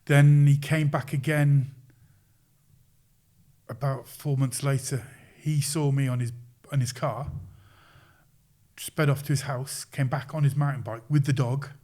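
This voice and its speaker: Middle-aged male coach, podcast guest, mid-pitched voice, casual storyteller who voices his quotes. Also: unhurried. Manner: lively retelling, acts out quoted lines, chuckles.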